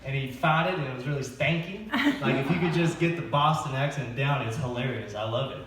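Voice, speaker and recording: Nervous stand-up comic in an echoey hall. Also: male voice, medium pitch, brisk, a crowd in the background. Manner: nervous, self-deprecating, rambling with fillers and laughs. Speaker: stand-up comedian. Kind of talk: stand-up comedy set. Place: church hall at an open mic night. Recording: echoey hall recorded from far off.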